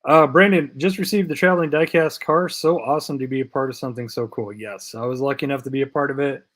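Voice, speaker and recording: A tired, sleep-deprived man hosts a casual live diecast chat stream, reading viewer comments in a loose, rambling way full of fillers and repeats. His mid-range voice is a bit bright and he talks fast, putting on a Canadian accent as a joke.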